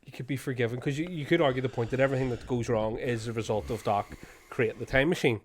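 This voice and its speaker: Scottish male podcast co-host, mid pitch, ranting, swears constantly. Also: fast, a little hiss or hum. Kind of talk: casual rant.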